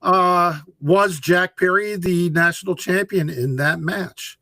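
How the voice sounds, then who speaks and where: An animated man hosting a casual round-table chat, his voice a touch higher than most men's. He jokes and laughs often. The sound is close and dry, with almost no room echo. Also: slow. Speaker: podcast host.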